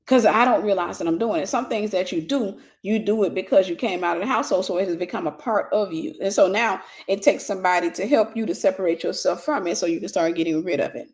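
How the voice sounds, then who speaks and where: A woman's voice: mid-range voice, fast, hardly any pauses, darkish tone. A woman talks through a ministry lesson in a casual, conversational way. She often says a line twice to drive it home and fills gaps with easy fillers. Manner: repeats key phrases for emphasis. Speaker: ministry host and teacher. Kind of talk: informal spoken teaching.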